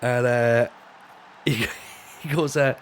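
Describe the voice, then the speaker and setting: A man's voice: medium pitch, fairly even intonation, takes it slowly, slight background noise. A man chatting casually on a live stream while gaming, rambling and joking with lots of restarts. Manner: rambling, jokey, full of restarts and laughs. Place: home room.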